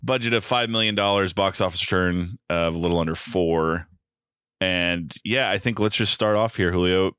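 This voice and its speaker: Deep-voiced man, casual podcast banter. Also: moderate pace, a bit bright, smooth, no room sound. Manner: dry, wry and joking, with filler ums. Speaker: podcast co-host. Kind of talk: casual film-review chat.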